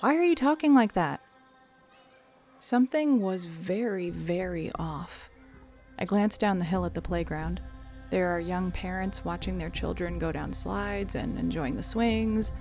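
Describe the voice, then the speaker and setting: Woman, first-person audio drama narration, tense, raised voice, soft music behind. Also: fairly low pitch. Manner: tense, often raising her voice. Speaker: narrator and lead character.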